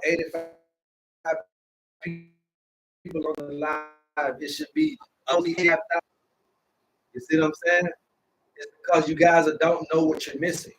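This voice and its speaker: A man hosting a live stream, lecturing his viewers in a preachy, repetitive way and drawing out words slowly for emphasis. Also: on the high side, distant mic, rough recording. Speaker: herbalist host of a live stream.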